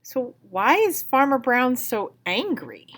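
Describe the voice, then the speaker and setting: A woman's voice: sits high, sing-song, slow, fairly bright tone. A woman teacher reading a picture book aloud and patiently explaining words step by step.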